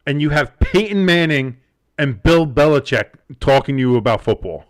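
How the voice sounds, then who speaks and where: Excitable New Jersey man. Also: a little high, normal speed. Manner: excitable, rambling, many restarts. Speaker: sports podcast co-host. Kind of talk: casual live draft chat.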